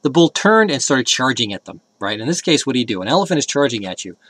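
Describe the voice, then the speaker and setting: A man telling comic stories in an animated, sarcastic way, with rambling restarts and bursts of loud emphasis. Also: mid-range voice, fast talker, no echo. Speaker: comedic commentator. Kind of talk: comedic storytelling.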